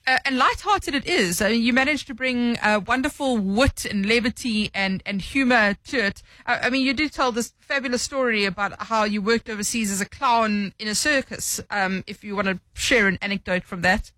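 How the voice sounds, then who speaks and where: A woman's voice: fairly high pitch, moderate pace, few pauses, bright, forceful tone, no room sound, rough recording. A woman hosting a radio interview, asking questions with frequent hesitations. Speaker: radio host.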